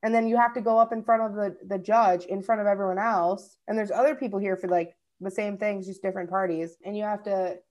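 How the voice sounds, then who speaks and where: A woman's voice: on the low side, darkish tone. A young woman from Minnesota, co-hosting a podcast, telling a story in casual chat and swearing freely. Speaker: podcast co-host.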